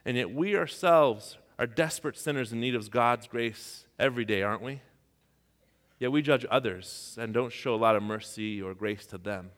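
A man from Iran, a pastor, preaching a sermon and telling personal stories, his voice dropping to a hush and rising to near shouts. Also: medium pitch, moderate pace. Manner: storytelling, swings from hushed to shouting. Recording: long hall reverb.

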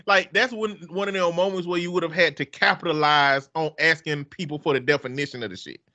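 Expressive Alabama-accented man, bright voice. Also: on the high side, brisk. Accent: Southern US, Alabama. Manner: animated, profane, laughing often. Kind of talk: casual chat.

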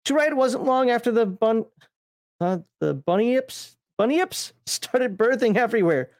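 A man's voice: very high voice, expressive, racing, warm tone, no room sound, studio quality, pitched above the performer's own voice. A man reading a game book aloud in character, voicing a male outback survivor who tells the tale of the apocalypse. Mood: storytelling.

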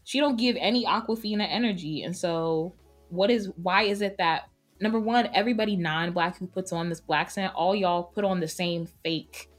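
A woman co-hosting a casual podcast roundtable, speaking in a fairly low voice. She argues her points emphatically, with plenty of opinion and animation. A faint bed of music plays underneath. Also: moderate pace. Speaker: podcast co-host.

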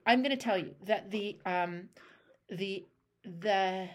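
Animated woman coaching a caller. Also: mid-range voice, takes it slowly, a little hiss or hum. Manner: emphatic and animated, acting out inner voices; frank, swears casually. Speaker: life coach and show host. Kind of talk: one-on-one coaching call.

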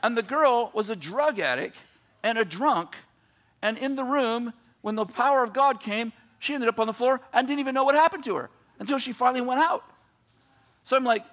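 A man preaching a sermon in a high, bright voice. He tells stories in an animated way and voices other people's lines. He drops to a quiet tone for scripture, then rises to excited shouting. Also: moderate pace. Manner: swings from quiet reading to loud excited shouting; animated storytelling with voiced asides.

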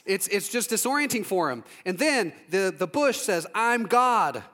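A man's voice: high-pitched, very animated, moderate pace, a bit bright, big-room sound. A man preaching a storytelling sermon in a conversational, humorous manner with acted-out asides, recorded in a large sanctuary.

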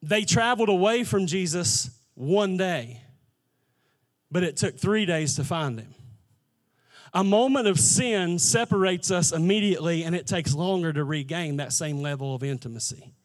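A man's voice: high-pitched, normal speed. A man preaching a sermon as pastor, building to impassioned, repetitive cadences.

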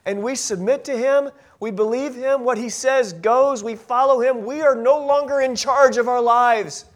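Earnest high-voiced male pastor preaching. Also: normal speed. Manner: earnest, repeats phrases and restarts sentences. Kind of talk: sermon.

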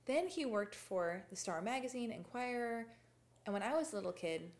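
A woman's voice: on the high side, expressive, moderate pace. A woman guest on a podcast, chatting casually and rambling through a story with restarts. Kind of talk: casual chat. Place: a home. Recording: roomy echoey room.

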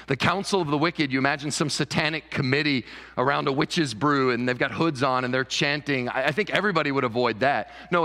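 A pastor preaches to his congregation in a church sanctuary, his voice sitting a little high for a man. He talks in an animated way and repeats words as he builds toward a point. A long reverb from the large hall trails behind each phrase. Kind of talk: sermon.

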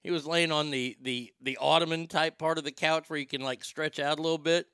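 A man in his forties chats casually on a livestream from his home studio. He rambles and jokes, with swearing mixed in. His voice is slightly high, very bright, and dry, with no room sound. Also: fairly even intonation, a little fast, clean tone, no echo. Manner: joking, profane, rambling. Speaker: livestream host.

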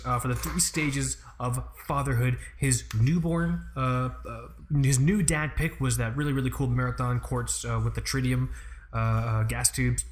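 A man in his thirties hosting a podcast in a casual, rambling chat, full of swearing and quick asides. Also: mid-range voice, slight background noise. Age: 30s. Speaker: podcast host.

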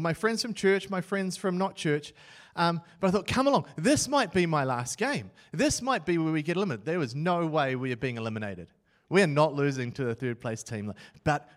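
Animated man preaching a story. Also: on the high side. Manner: animated storytelling, swings from loud to hushed. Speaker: pastor. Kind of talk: sermon with personal story.

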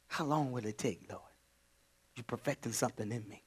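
A male pastor delivering a sermon, dropping to hushed whispers and then rising to shouted cries of praise. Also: mid-range voice, brisk, slightly rough. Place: church sanctuary.

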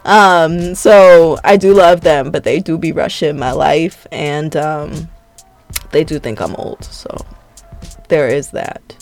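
A woman's voice: on the low side, normal speed, no room sound, soft background music. A young adult woman, a podcast host and teacher, talking in a chatty, laughing, sentimental way. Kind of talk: casual podcast sign-off.

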